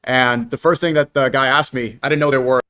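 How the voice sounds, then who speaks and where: A man talking at a brisk clip in an ordinary middle-pitched voice, hosting a casual stream chat. He tells his anecdotes in an animated, lively way, piling on detail. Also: smooth. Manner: fast, animated anecdote telling.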